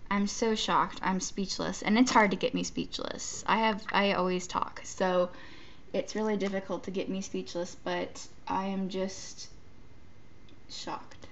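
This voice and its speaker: A woman's voice: medium pitch, little pitch movement, unhurried, lo-fi sound, slight background noise. A woman chatting casually while opening a gift box, gushing and stammering between giggles. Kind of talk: casual unboxing chat. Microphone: off-camera, not shown.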